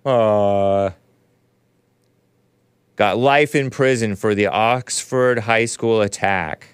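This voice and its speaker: A man's voice: lowish voice, drawn-out words, clear, resonant tone, no room sound. A man hosting a talk show, commenting sarcastically in a rambling, casual way, often laughing at his own remarks. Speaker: show host.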